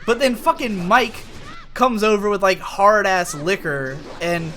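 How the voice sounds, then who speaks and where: High, bright-voiced tipsy young man. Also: measured pace, a little hiss or hum. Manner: rambling, profane, defensive storytelling. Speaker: co-host. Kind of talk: casual banter while playing a game.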